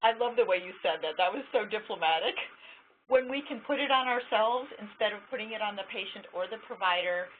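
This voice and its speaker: A woman's voice: medium pitch, fairly quick. A woman giving an encouraging, casual training lecture to interpreters. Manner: warm-hearted, encouraging, casual with fillers. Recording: tinny phone-like line with faint noise.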